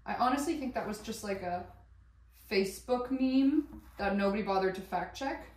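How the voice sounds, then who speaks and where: A woman chatting while she cooks at home, rambling and excitable, swearing casually and laughing as she goes. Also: medium pitch, normal speed. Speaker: vlogger. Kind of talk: casual cooking vlog chat. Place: home kitchen. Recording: echoey room, voice a bit far from mic.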